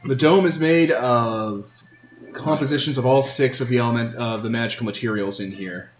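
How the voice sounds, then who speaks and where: A man narrates as game master of a tabletop role-playing game, his medium-pitched voice moving at normal speed through descriptive, filler-heavy scene-setting. Faint music sits in the roomy-sounding audio.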